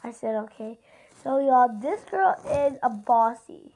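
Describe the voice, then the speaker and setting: A woman's voice: a little high, animated, measured pace, darkish tone, low-quality recording. A female YouTuber chatting casually to viewers while narrating her gameplay in a rambling way. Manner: chatty and rambling, often addresses viewers directly. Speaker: gaming YouTuber.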